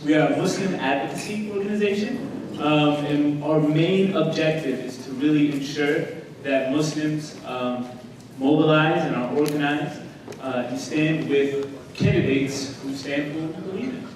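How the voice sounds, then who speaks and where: A speaker at a rally, executive director of an advocacy group, talking with energy and laughter. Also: female voice, sits low, normal speed. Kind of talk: rally speech. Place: restaurant event room. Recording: echoey room from far off, loud crowd and noise.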